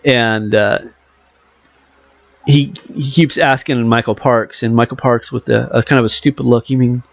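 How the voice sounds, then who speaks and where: A man's voice: mid-range voice, steady tone, unhurried, vocal fry. A man casually discussing a movie, retelling scenes animatedly with fillers like "uh" and "you know". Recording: dull lo-fi dry recording.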